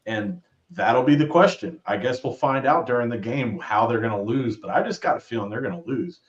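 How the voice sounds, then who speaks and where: A man's voice: mid-range voice, a little fast. A man appearing as a guest on a casual sports talk stream, easygoing and thinking aloud. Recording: roomy, dull remote audio.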